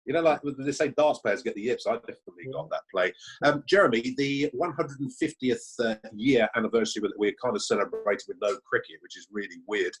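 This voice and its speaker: A man's voice: mid-range voice, brisk, hardly any pauses, slightly rough, low-quality recording. A man hosting a panel and asking conversational follow-up questions. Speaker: host. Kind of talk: interview hosting.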